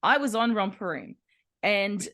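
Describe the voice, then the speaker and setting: A woman's voice: mid-range voice, sing-song, unhurried, bright, forceful tone. A woman in her forties co-hosting a podcast, friendly and chatty, laughing along. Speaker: podcast co-host. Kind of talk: casual podcast chat.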